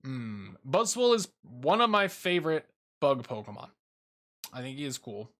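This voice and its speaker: A young man casually rambling through a tier list ranking, swearing freely and filling pauses with ums and uhs. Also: mid-range voice, big pitch swings, a bit bright. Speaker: YouTuber ranking Pokemon. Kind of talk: casual commentary while making a tier list.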